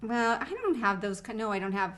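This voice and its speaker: A woman's voice: medium pitch, sing-song, a little fast, fairly bright tone, slight background noise. A middle-aged woman co-hosting a casual live-stream show, reacting with surprise and laughing easily.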